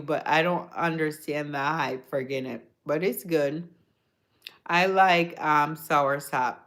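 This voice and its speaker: A woman chats on her livestream, rambling through stories and answering viewers at an unhurried, drawn-out pace. Her voice sits a little low, and she sounds eager whenever she gets onto food. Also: a bit bright. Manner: chatty, rambling storyteller; enthusiastic about food. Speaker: livestream host. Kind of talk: casual chat answering viewers.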